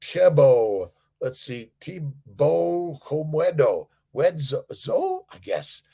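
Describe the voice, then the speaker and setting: A middle-aged man with a gravelly, somewhat husky voice hosts a casual morning livestream. He rambles in an upbeat, motivational way, reads out viewer comments and greets people by name. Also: fairly high pitch, big pitch swings, takes it slowly, warm tone. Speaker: fertility doctor hosting a morning livestream. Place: indoors.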